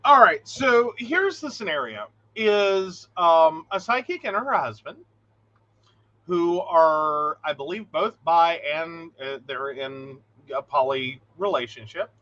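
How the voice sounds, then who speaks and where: His voice is a little high and unhurried as he co-hosts a casual podcast, animatedly recounting stories with frequent laughter and acted-out quotes. The recording sounds dull.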